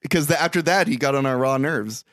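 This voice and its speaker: A man co-hosting a podcast, retelling a movie in a sarcastic, animated way and swearing now and then. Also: mid-range voice, fast talker, no room sound, clean studio sound. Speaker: podcast co-host. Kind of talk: casual movie recap chat.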